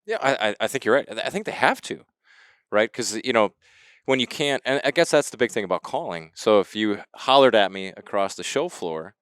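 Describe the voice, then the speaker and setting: Man, podcast host, easygoing interviewer, smooth clear voice. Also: on the low side, lively intonation, a little fast, fairly bright tone, dry recording, clean studio sound. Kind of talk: casual podcast conversation. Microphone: studio podcast mic.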